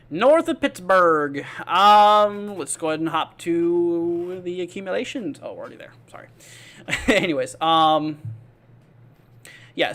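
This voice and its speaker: Hosting a live weather stream, a man with a slightly high, somewhat bright voice chats casually. He rambles, leans on fillers, and reads viewer comments aloud, answering people by name in a friendly, laid-back way.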